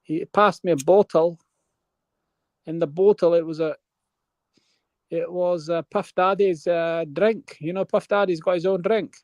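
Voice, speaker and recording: A man's voice: high-pitched, steady tone, unhurried, pauses often, darkish tone, dry recording. A man telling a long rambling story on a live panel, checking in with his listeners. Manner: rambling, keeps checking in with "right?".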